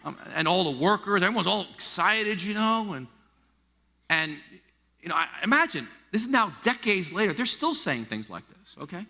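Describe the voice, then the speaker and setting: A middle-aged man from the United States preaching a sermon as a pastor, animated and stammering through restarts as he acts out quoted voices. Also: high-pitched, normal speed, creaky. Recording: long reverb of a large hall.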